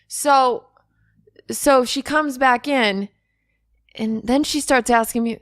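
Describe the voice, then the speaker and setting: A woman's voice: high voice, takes it slowly, pauses often, dry recording, clean studio sound. A woman co-hosting a comedy podcast, telling stories animatedly, acting out what people said and swearing freely. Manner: animated storytelling, acts out quotes. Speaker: podcast co-host. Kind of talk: casual comedic chat.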